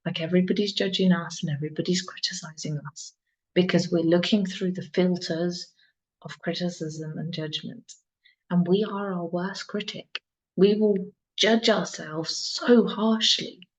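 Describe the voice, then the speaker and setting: Earnest woman, soft and reflective. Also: on the low side, fairly even intonation, a little slow. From England. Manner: soft, earnest, repeats phrases for emphasis. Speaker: soul mentor. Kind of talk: reflective monologue. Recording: dull lo-fi sound.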